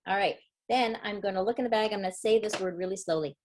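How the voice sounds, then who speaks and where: A middle-aged woman with a Canadian accent presents a webinar on reading, lively and demonstrative, drawing sounds out slowly as she enunciates. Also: mid-range voice, a little hiss or hum. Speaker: reading educator.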